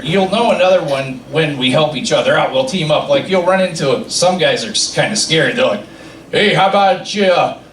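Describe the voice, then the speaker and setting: A man's voice: a little high, a bit bright, slight background noise. A man doing a stand-up comedy set with a loose delivery, often laughing at his own jokes. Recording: echoey club from a distant mic.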